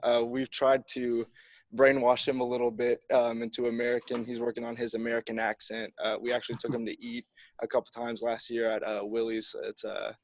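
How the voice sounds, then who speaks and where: A man's voice: medium pitch, completely flat delivery, brisk, no room sound. A young man, a college football kicker, answering press conference questions in an upbeat, easygoing way. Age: young adult.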